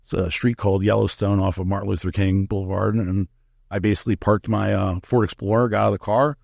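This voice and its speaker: A man's voice: fairly low pitch, little pitch movement, fast, gravelly, darkish tone, dry recording, studio quality. A man as a podcast interview guest, telling a candid story in a frank, profane way with many fillers and restarts.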